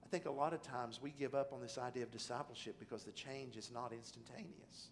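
A middle-aged man preaching a sermon, telling a personal story that drops quiet and low, then rises to loud, emphatic pleading. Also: fairly even intonation, a little fast, a little hiss or hum. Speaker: pastor.

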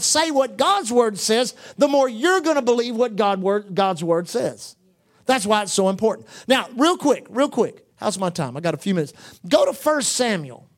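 Animated preacher with a lively voice. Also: medium pitch. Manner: animated, repetitive emphatic preaching with asides; quotes scripture in King James wording. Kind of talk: sermon.

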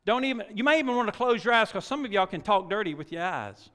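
Folksy middle-aged preacher, high bright voice. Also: male voice, expressive, fast talker. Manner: folksy, with rhetorical questions and swings from quiet asides to loud exhortation. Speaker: pastor. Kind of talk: sermon. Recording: long reverb of a large hall.

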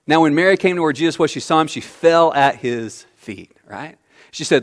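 Animated man preaching in a reverberant hall. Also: fairly high pitch, moderate pace. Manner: animated, swings from quiet to loud. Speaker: pastor. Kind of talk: sermon.

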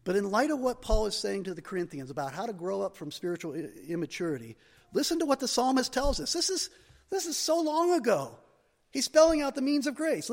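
A male pastor preaching a sermon in a church, animated and building to emphatic peaks. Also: sits high, long reverb tail.

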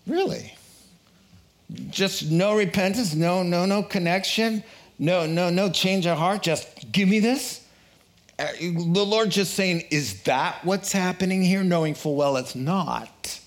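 A man preaching a sermon, telling a joke and acting out the characters in quotes with an animated delivery. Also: high voice, slow pace.

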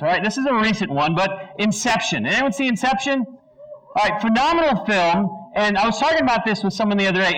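A man preaching a sermon to a congregation, animated and chatty, asking the audience questions and slipping into quick movie-line impressions. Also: sits high, poor audio.

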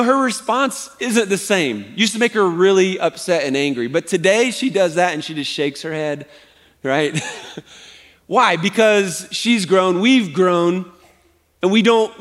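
A man preaching a sermon as pastor, conversational and animated, often asking his congregation "right?". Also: high voice. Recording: long hall reverb.

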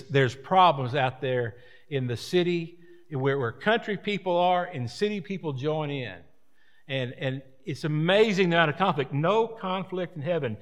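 A man preaching a sermon as pastor, folksy and rambling, with repeated words and chatty asides. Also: on the high side.

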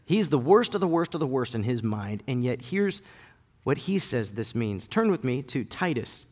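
A male pastor delivering a sermon in a dramatic way, swinging between loud declarations and hushed moments. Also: medium pitch, sing-song, moderate pace. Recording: long hall reverb.

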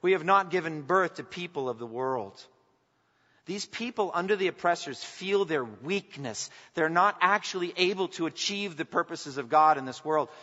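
A man's voice: on the high side, lively intonation, normal speed, pushed and bright. A pastor preaching a sermon with passion, climbing to emphatic peaks as he reads scripture. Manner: impassioned, rising to emphatic peaks when reading scripture. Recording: dull sound with long hall reverb.

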